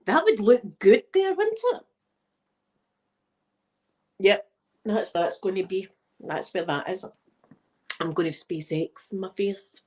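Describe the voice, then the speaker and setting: A woman's voice: medium pitch, animated, measured pace, pauses often, darkish tone. A middle-aged woman with a Glaswegian Scottish accent, chatting playfully to her viewers in a casual vlog and laughing at her own jokes. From Scotland. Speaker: vlogger.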